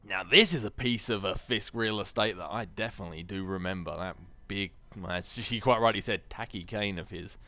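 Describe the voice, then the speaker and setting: Bright, low-voiced male game commentator. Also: brisk, hardly any pauses, dry recording. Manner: jokey, musing, laughs often. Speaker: gameplay commentator. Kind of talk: casual Let's Play commentary.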